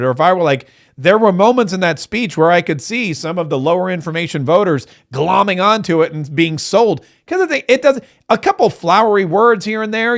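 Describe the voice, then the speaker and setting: A man hosting a live political reaction stream, talking in a sarcastic, mocking and excitable way. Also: high voice. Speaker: political commentator host.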